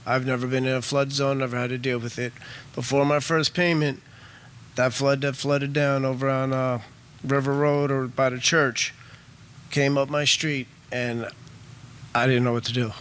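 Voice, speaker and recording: A man's voice: medium pitch, flat delivery, normal speed, fairly bright tone, clear, resonant tone. Nervous, emotional man speaking up. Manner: nervous, emotional, hesitant with many ums. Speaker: resident at public comment. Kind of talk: public comment at a meeting.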